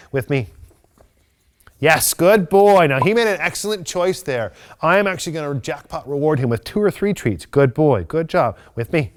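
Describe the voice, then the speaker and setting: A man teaching loose-leash walking to a dog on camera, explaining each step calmly and methodically, with bright bursts of praise. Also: mid-range voice. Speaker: dog trainer. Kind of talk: instructional video demonstration.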